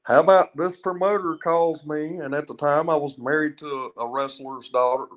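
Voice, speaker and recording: A man's voice: fairly high pitch, fairly even intonation, normal speed, low-quality recording. A man who wrestled for years, a guest on a podcast, telling rambling anecdotes in casual chat. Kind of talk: casual storytelling.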